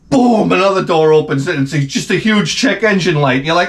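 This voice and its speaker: A man's voice: fairly high pitch, brisk, hardly any pauses, slight background noise. A hungover man hosting a video, telling rambling comic stories full of swearing and sound effects. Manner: profane, animated storytelling with sound effects. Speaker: video host.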